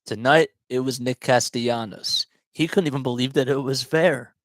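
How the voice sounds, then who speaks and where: A man hosting his own sports talk show in a loose, chatty way, wandering off track and picking his thoughts back up mid-sentence. His voice sits at an everyday middle pitch. The sound is dry and close, with almost no room echo. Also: moderate pace. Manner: rambling, chatty, often restarts and digresses. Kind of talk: casual solo sports commentary.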